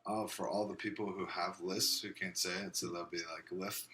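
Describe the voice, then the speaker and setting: A man's voice: deep voice, steady tone, brisk, pushed and bright, a little hiss or hum. Young man rambling with a slight speech impediment. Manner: rambling, repeats words, hesitant fillers. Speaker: podcast co-host. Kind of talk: casual chat.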